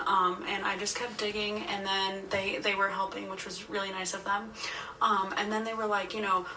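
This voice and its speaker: A woman telling an absurd story in a rambling, deadpan way, full of fillers. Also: mid-range voice, moderate pace, slight background noise. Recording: echoey room from a distant mic.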